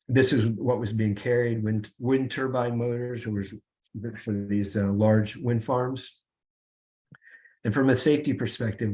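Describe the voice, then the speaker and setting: A middle-aged man giving a webinar presentation over a video call, pausing often with fillers and restarts. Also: on the low side, darkish tone. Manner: halting, many fillers and restarts.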